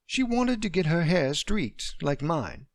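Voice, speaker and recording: A woman's voice: sits low, very animated, takes it slowly, no echo, studio quality, pitched above the performer's own voice, heavily acted. A man voicing a hurt adult woman heroine who forces cheer over her anger, in a romance audiobook. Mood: angry.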